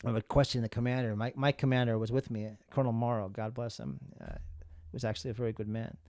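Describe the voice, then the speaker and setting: A man's voice: medium pitch, quick pace, creaky, a little mellow, dry recording, studio quality. A middle-aged man from the United States, a guest telling a personal story in an earnest way, often repeating words for emphasis.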